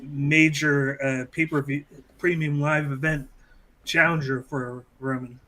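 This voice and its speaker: A man's voice: on the high side, level tone, unhurried, sharp tone. A man co-hosting a casual chat, rambling and thinking aloud. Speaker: podcast co-host.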